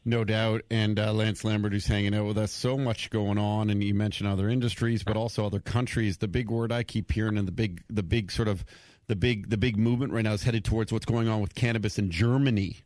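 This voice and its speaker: A man hosting a radio talk show, chatting casually with a guest in an excitable, joking way. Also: on the low side, a little fast, no room sound, clean studio sound. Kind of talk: casual interview chat.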